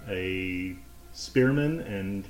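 A man narrating as game master for a tabletop game, in a chatty, halting way with fillers and restarts. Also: low voice, expressive, soft background music. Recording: roomy room.

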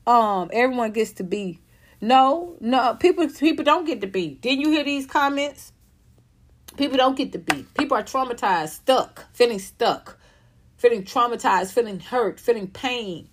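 A woman's voice: a little high, animated, a little slow. A woman in her fifties ranting in an emphatic, profane monologue, often repeating herself. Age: 50s. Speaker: vlogger.

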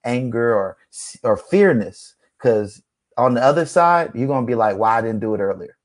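A man in a middle pitch hosts a relaxed faith-centred conversation. He speaks in an encouraging way, and his voice climbs like a preacher's whenever he presses a point. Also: normal speed. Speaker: host.

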